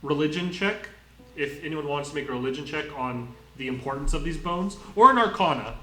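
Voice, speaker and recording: A man running a tabletop game as game master, explaining calmly with frequent pauses and ums. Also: fairly high pitch. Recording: echoey room, faint noise.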